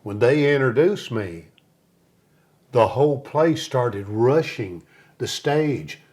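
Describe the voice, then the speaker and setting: A man, a guest on a talk show, telling stories in a relaxed and lively way. His voice sits in an ordinary middle pitch, and he slips into the voices of the people in his stories as he tells them. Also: slow pace. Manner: lively storyteller who acts out other people's lines. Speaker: interview guest, singer. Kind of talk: storytelling in a casual interview.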